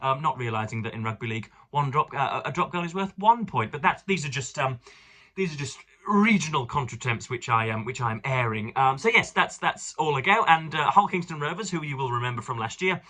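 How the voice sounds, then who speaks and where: Young man, from England, book vlogger, rambling and wordy, bright tone. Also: medium pitch, expressive, brisk. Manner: wordy, digressive, fond of elaborate words. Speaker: book reviewer. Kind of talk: casual vlog monologue.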